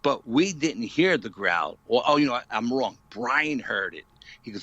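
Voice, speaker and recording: A man being interviewed as a paranormal investigator, retelling an eerie night in an animated, dramatic way full of "you know". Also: on the low side, brisk, lo-fi sound. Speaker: paranormal investigator, podcast guest. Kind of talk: storytelling in a casual interview.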